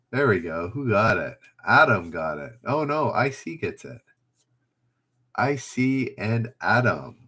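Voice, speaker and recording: A man's voice: low-pitched, sharp tone, slightly rough. A man hosting a live trivia stream, reading questions aloud, calling out players and joking at himself in a chatty way. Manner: chatty, self-mocking, reads questions aloud and calls out players. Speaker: trivia livestream host. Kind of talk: casual livestream quiz hosting.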